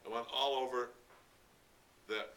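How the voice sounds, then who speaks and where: A man voicing a gruff older American construction engineer who speaks bluntly and swears impatiently, read from a distance with faint noise. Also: medium pitch, fairly even intonation, unhurried, pushed and bright, pitched above the performer's own voice.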